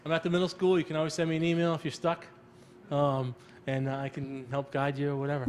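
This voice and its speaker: A man's voice: a little high, level tone, fast, a little mellow, a little hiss or hum. A middle-aged man, a school counselor, talking casually on a panel, rambling and repeating words as he reassures parents.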